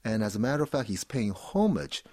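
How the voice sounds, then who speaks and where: Brief: lower-voiced male guest, dry close sound, explanatory and chatty with restarts. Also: big pitch swings, fairly quick, darkish tone, dry recording. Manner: keeps checking in with "right?", many fillers and restarts. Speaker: art commentator guest. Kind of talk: explanatory interview talk. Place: studio in Seoul.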